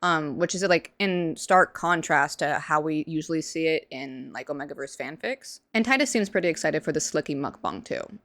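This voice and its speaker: A young woman host giving sarcastic, comedic commentary with deadpan asides. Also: low voice, normal speed, few pauses, dry recording.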